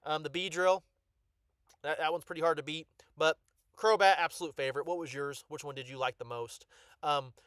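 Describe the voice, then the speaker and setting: Brief: excitable male collector-vlogger, voice on the high side, rambling with lots of ums, dry close recording. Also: a little fast, smooth, no echo. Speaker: card collector YouTuber. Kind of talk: casual collection showcase.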